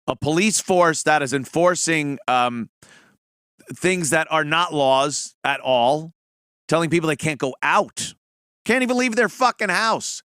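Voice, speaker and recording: A man's voice: fairly high pitch, expressive, a little slow, fairly bright tone, clear, resonant tone, no echo, clean studio sound. A middle-aged man hosting a show, giving a blunt, profane, mocking opinion monologue in casual talk. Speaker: podcast host.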